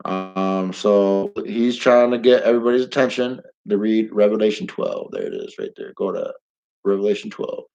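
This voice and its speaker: A man's voice: lowish voice, very animated, moderate pace, vocal fry, a little mellow, lo-fi sound. Blunt, heated middle-aged man livestreaming. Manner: blunt, rambling and heated, with some swearing. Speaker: live stream host. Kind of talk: casual live-stream monologue.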